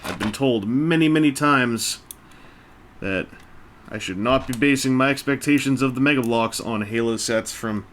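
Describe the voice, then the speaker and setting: A man's voice: mid-range voice, normal speed, a bit bright, a little hiss or hum. A man casually chatting while he builds a brick set, rambling along with self-mocking jokes and asides. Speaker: toy-building video host. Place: indoors at a table.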